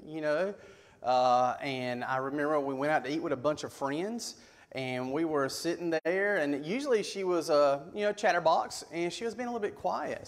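A middle-aged man, a youth pastor telling folksy, animated stories in a sermon. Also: high voice, moderate pace. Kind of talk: sermon storytelling. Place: church sanctuary. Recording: long church reverb.

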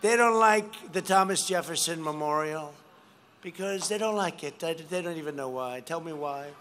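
Older male rally speaker, bright higher voice, rambling emphatic delivery, faint crowd noise behind. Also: moderate pace. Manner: rambling, emphatic, repeats phrases. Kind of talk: rally speech. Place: outdoor rally.

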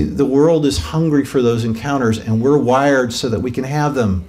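A man's voice: mid-range voice, normal speed, darkish tone. A man preaching an informal teaching sermon, conversational, often rising to emphatic peaks and asking the room questions. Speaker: pastor.

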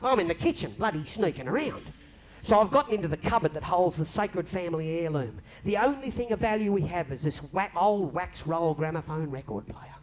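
An Australian man telling a long comic story on stage, lively and broad, slipping into mimicked voices. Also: high-pitched, a little fast. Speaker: comedian telling stories on stage. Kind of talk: live stand-up storytelling. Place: club stage before a live audience. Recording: faint crowd ambience from a live venue.

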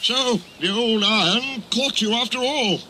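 A man voicing a kindly old male steam engine in a storybook reading, with a warm, eager manner. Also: sits high, big pitch swings, unhurried, a little hiss or hum, pitched above the performer's own voice, heavily acted, low-quality recording. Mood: gentle.

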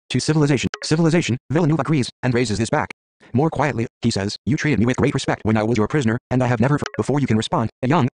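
A man's voice: mid-range voice, a little hiss or hum. A man reading an interactive story game aloud, stumbling, restarting, and muttering menu words between lines.

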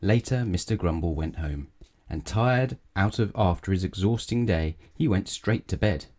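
A man reading a children's bedtime story aloud in a gentle, measured way. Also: low-pitched, animated.

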